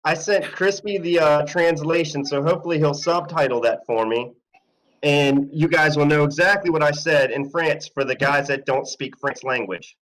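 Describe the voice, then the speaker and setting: A man's voice: on the high side, moderate pace, a bit bright, low-quality recording. A man co-hosting a podcast in casual chat, joking and laughing at himself.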